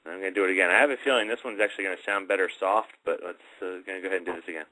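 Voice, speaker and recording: A male radio host with a low, deep voice and a bright, forceful edge. He talks casually and directly to his listeners in a live-show manner. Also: fairly even intonation, very fast, slight background noise, low-quality recording.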